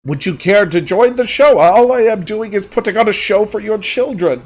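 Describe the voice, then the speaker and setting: A man voicing a creepy, owl-faced male creature who speaks as a theatrical showman in a tabletop game. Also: moderate pace. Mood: haughty. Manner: theatrical, high-pitched and grandiose.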